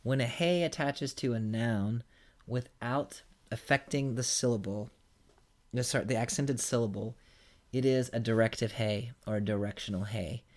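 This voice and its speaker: A man's voice: medium pitch, normal speed, darkish tone. Patient male teacher explaining grammar. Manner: patient, explanatory, stepping through examples. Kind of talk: recorded lecture.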